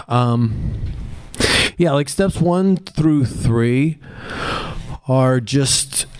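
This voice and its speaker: A man in his forties giving a candid, profane personal share at a twelve-step meeting, halting with fillers, into a microphone. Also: medium pitch, noisy background. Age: 40s. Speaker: member sharing at a recovery meeting. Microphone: handheld microphone on a PA.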